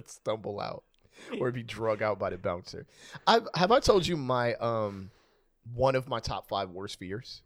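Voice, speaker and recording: A man co-hosting a podcast in casual chat, laughing often and telling stories with lively quoted voices. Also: on the low side, slow pace, pauses often, dry recording. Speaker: podcast co-host.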